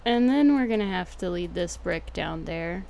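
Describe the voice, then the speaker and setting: With a fairly low, gravelly, darkish voice, she talks at normal speed and sounds animated. She's a young woman with a Texan accent giving laid-back gameplay commentary on stream, joking, using slang, and swearing freely.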